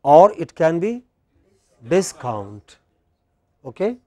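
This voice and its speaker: A man with an Indian English accent lecturing students on English pronunciation, slow and repetitive, often checking with "okay?". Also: on the high side, animated, a little mellow. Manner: slow, repeats phrases and asks "okay?" often.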